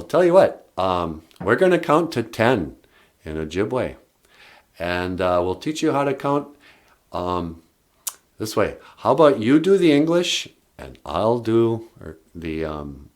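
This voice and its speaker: A man co-hosting a podcast in easygoing, halting casual chat with many fillers. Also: fairly low pitch, sing-song. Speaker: podcast co-host. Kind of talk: casual comedic radio chat.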